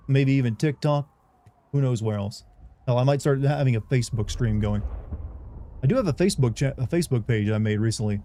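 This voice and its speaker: A man's voice: medium pitch, warm tone. A young man chatting casually on a livestream, rambling and candid as he talks to his viewers.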